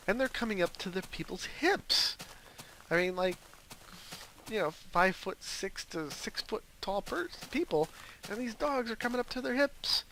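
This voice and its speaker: A man's voice: high voice, animated, unhurried, pauses often, pushed and bright, slight background noise. A young man rambling casually through gameplay commentary, chatting and talking fondly to his pet wolf. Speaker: gaming video host.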